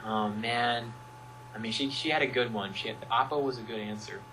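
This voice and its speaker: A man's voice: medium pitch, moderate pace, noisy background. A young man, a music producer, chatting casually in an interview and acting out quotes as he rambles through playful stories. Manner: playful, rambling storyteller who acts out quotes. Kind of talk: casual chat.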